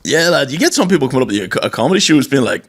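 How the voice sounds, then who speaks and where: A young man chats and jokes as a podcast co-host. His pitch swings widely as he riffs, often leaping into high mocking voices for stories. The talk is loose and animated. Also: very fast, breathy edge. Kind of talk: casual comedy chat.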